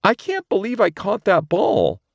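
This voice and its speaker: A guy doing a sweet young woman in an audiobook, pitched way up and a bit distant, breathless and sorry, dry studio sound. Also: huge pitch swings, unhurried, gravelly, no echo, exaggerated voice. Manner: breathless, apologetic. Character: young woman, playful and affectionate.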